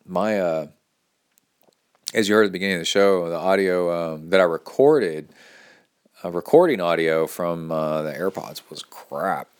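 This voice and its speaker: A man with a fairly low voice hosts a laid-back podcast from his training room at home. He reads listener emails aloud and keeps cutting in with jokey remarks. His pitch jumps up sharply when something excites him. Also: normal speed, smooth. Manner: excitable, jokey asides with sudden high-pitched exclamations. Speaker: podcast host. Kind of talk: casual podcast chat, reading listener emails.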